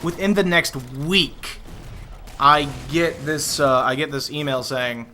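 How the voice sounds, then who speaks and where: A man's voice: on the high side, takes it slowly, pushed and bright, a little hiss or hum. A man, a voice actor, talking casually in a vlog commentary, rambling with lots of fillers and frank complaints.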